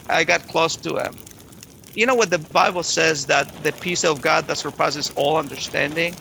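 A man telling his personal faith testimony, emotional and halting, often restarting his words. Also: fairly high pitch, creaky, bright, forceful tone, slight background noise.

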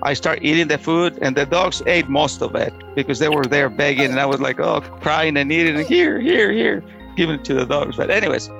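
A middle-aged man tells a personal story in a slightly high voice, earnest and halting, often stopping to restart a sentence. Soft music plays faintly behind him. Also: vocal fry, highs cut off. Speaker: storyteller sharing a personal testimony.

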